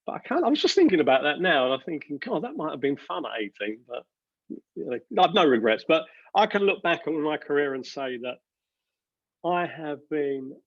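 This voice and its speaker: A company director giving earnest interview answers, halting with many fillers and restarts. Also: male voice, a little high, big pitch swings, dry recording, highs cut off.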